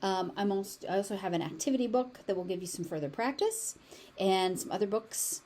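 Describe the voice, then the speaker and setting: An American woman teaching pronunciation, repeating each word slowly and carefully. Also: medium pitch, expressive, darkish tone, a little hiss or hum. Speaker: pronunciation tutor. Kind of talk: slow pronunciation lesson.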